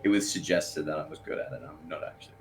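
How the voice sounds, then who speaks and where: A man's voice: rumbling low, fast talker, slight background noise. A man from Australia playing a tabletop game, speaking earnestly, sometimes hesitant, in and out of character. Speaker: player. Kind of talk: tabletop role-play, in and out of character.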